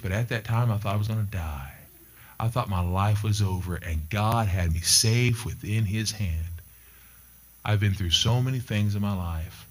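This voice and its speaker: A middle-aged male pastor delivering a sermon, telling stories and repeating key points for emphasis. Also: fairly low pitch. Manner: emphatic, repetitive storytelling preacher.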